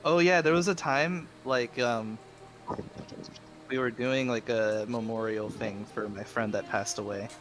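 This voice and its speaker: A man's voice: mid-range voice, steady tone, a little slow, a bit bright, a little hiss or hum. A young man in casual chat on a game stream, rambling and playful. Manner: rambling, playful, trying out accents. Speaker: stream guest. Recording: game music playing behind.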